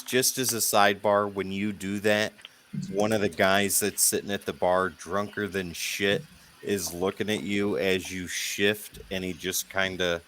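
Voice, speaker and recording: A man runs a tabletop game as game master. He describes scenes in a relaxed, unhurried way with a fairly low voice. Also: slight background noise.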